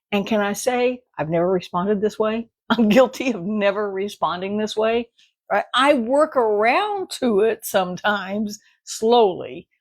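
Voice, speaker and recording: A Bible study teacher talking through a casual morning devotional, her voice carrying a gravelly, fry-tinged edge. She rambles in a chatty way, laughs easily, and keeps checking in with "right?". The sound is dry and close, with no room echo. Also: medium pitch, a little mellow.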